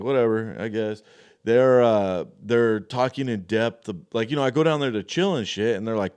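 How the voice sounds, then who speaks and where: A young man spinning a raunchy story in an offhand, sneering way. His voice sits low, smooth and resonant, and he swears freely. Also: darkish tone. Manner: profane, offhand and mocking. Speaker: podcast storyteller. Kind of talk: crude casual storytelling.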